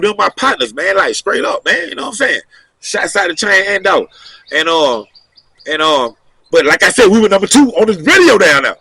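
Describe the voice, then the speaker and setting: Bright-voiced man telling a story. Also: sits high, gravelly, husky. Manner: loose, animated storytelling with asides and quoted dialogue. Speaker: guest storyteller. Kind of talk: casual storytelling interview.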